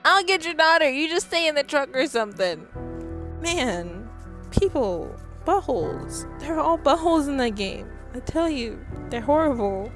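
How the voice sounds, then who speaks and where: A young woman plays through a game and vents her frustration at it, with laughs and sighs. Her voice sits a little high and she draws her words out slowly. Game music plays clearly behind her. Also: lively intonation, fairly bright tone. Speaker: gaming streamer. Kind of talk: casual let's play commentary.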